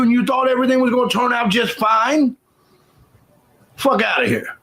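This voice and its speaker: A man's voice: extremely high pitch, normal speed, a bit bright, rough recording. A man hosting a livestream, talking bluntly and profanely and thanking viewers for donations in casual commentary. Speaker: livestream host.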